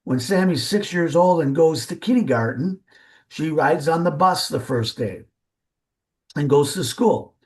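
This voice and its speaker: A man's voice: a little high, animated, measured pace, a little mellow. An older man, a driver safety expert and podcast guest, telling a folksy, rambling family anecdote with restarts. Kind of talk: storytelling anecdote.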